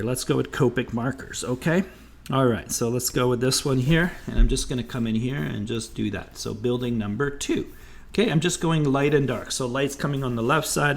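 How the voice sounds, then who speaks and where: Chatty higher-voiced male art teacher. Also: a bit bright. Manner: chatty and encouraging, thinking aloud while sketching. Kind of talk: drawing tutorial.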